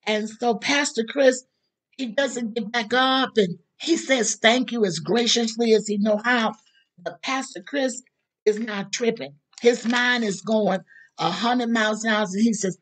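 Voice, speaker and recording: A woman preacher tells a long story in her sermon and keeps calling out to the congregation. Her voice is husky and mid-pitched. She tells the story with animated energy. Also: a little slow.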